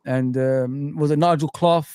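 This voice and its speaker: A man's voice: fairly high pitch, fairly even intonation, unhurried, dark tone, smooth, dry recording. Rambling man in casual football chat. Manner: rambling, many restarts and "you know". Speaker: podcast host.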